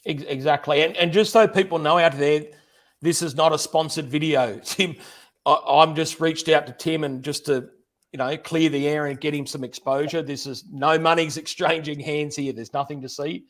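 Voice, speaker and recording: A man's voice: fairly high pitch, fairly even intonation, moderate pace, fairly bright tone. A man, hosting a casual livestream interview in a chatty, friendly way. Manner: chatty, friendly, repeats words. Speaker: host, interviewer.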